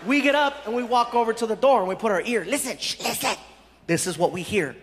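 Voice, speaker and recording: High-voiced man, animated stand-up storytelling. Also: fast talker, big-room sound, very noisy. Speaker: stand-up comedian. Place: large live venue. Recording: live stage mic, roaring crowd.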